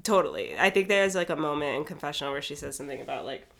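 A woman's voice: deep voice, lively intonation, racing, gravelly. A woman co-hosting a podcast, recapping a reality show in casual chat, blunt and sarcastic and swearing freely. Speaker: podcast co-host.

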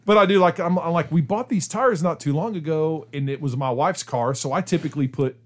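A man's voice: on the high side, brisk. A middle-aged man hosting a radio show, telling a story in casual chat and laughing as he goes. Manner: chatty, laughs through his stories.

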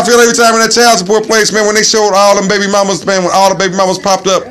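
Animated, slightly high-voiced man telling stories. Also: fast talker, few pauses. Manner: loud, animated storytelling, acting out voices. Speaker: storyteller in a casual conversation. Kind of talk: casual chat.

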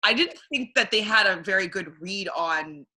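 Woman, young adult, from Canada, bright voice, podcast co-host, casual chat, rambling, lots of ums and likes. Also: medium pitch, animated, normal speed. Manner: chatty, many ums and likes, laughs often. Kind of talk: casual chat recapping a reality show.

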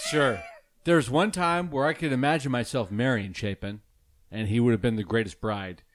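A man co-hosting a comedy podcast, crude and teasing with quick quips. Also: medium pitch, slight background noise. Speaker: podcast co-host. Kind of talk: casual comedy banter.

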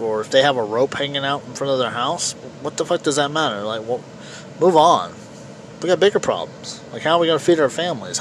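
A man's voice: medium pitch, a little hiss or hum, rough recording. A man ranting through a solo podcast monologue, repetitive and swearing freely, his voice slightly worn. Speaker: podcast host.

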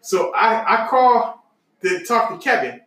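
A man's voice: sits high, very animated, a little slow, fairly bright tone. A man hosting a podcast, telling a family story in a loose, laughing way with casual grammar. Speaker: podcast host. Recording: echoey room, mic at a distance.

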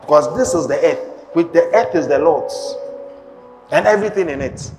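A man's voice: fairly high pitch, normal speed. A man preaching a sermon, emphatic and firing pointed, repeated questions at the congregation. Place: church hall. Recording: echoey hall with music.

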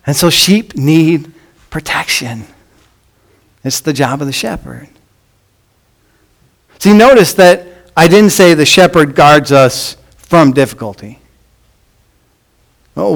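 Male pastor with a high-pitched voice preaching a sermon, moving between emphatic and hushed delivery. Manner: reads scripture aloud with emphasis.

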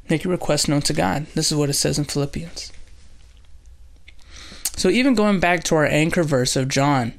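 A man's voice: fairly high pitch, vocal fry. A man hosting a bible study, teaching earnestly through scripture as a preacher. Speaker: pastor and host.

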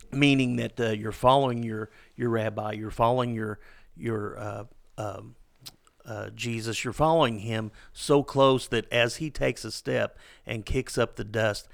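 A middle-aged father co-hosting a casual devotional chat, talking in a halting way with lots of fillers and self-deprecating asides. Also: medium pitch, creaky, no room sound, clean studio sound. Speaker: podcast co-host.

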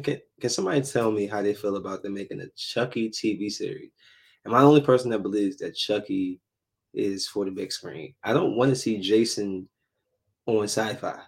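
A man's voice: lowish voice, gravelly, darkish tone. A man in a casual vlog, bluntly reviewing a show, rambling and repeating himself for emphasis. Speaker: vlogger reviewing shows. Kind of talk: casual chat.

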